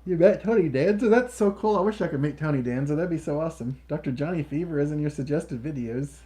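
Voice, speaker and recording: A man's voice: a little high, fast, dark tone. Male live stream co-host, friendly and upbeat, reacts to chat comments. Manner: upbeat, reads out and answers viewer comments; enthusiastic, friendly greetings to viewers.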